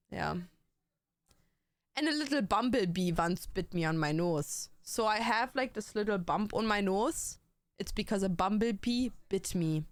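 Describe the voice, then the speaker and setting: A woman's voice: mid-range voice, dry recording. A young woman livestreamer chatting casually, rambling and joking with lots of swearing between thanks to viewers. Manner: rambling, profane, jokey banter.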